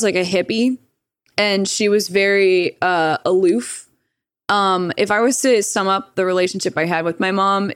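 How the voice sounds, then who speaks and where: Low-voiced woman, casual storytelling. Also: dry recording, studio quality. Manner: profane, rambling, acts out quoted voices. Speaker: guest.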